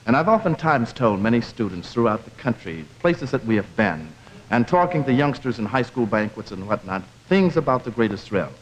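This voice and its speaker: A man speaking as a guest on a theater stage. He tells a story in a formal, oratorical style, with measured, deliberate phrasing. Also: mid-range voice, big pitch swings. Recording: dull lo-fi 1950s television sound.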